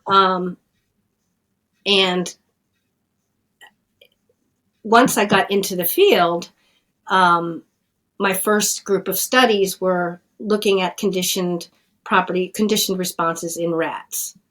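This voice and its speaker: A woman's voice: on the low side, fairly even intonation, slow, pauses often, fairly bright tone, rough recording. A middle-aged woman scientist telling her story in a plainspoken, earnest way during an interview. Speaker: addiction scientist, guest. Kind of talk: conversational storytelling.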